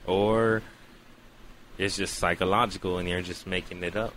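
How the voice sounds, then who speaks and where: There's slight background noise as a man with a low-sitting voice speaks at a moderate pace. He's a podcast host animatedly telling a long comic story in profane, casual slang, acting out its voices.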